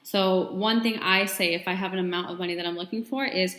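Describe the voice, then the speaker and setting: A woman's voice: lowish voice, fairly even intonation, brisk, few pauses, fairly bright tone. A woman in her twenties hosting a self-help podcast, talking in an earnest, chatty way full of "like" fillers. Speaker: podcast host. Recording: echoey room with long reverb.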